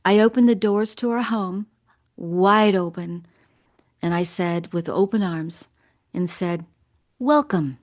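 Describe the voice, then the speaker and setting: A woman in her sixties, a guest in an interview, telling her own story in an earnest, measured way. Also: on the low side, little pitch movement. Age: 60s. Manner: earnest, measured, emotional at times. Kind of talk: interview, personal account.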